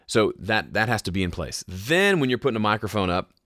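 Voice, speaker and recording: A man hosting a casual live question-and-answer podcast, with a smooth, polished speaking voice and a relaxed, conversational way of explaining. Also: lowish voice, fairly quick, dry recording, clean studio sound. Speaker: host answering viewer questions. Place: home studio.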